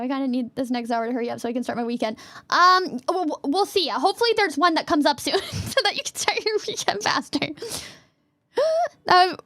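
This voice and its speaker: A woman streamer chatting casually and reading questions aloud, giggly and playful, sometimes bursting into a yell. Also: sits high, dry recording, clean studio sound.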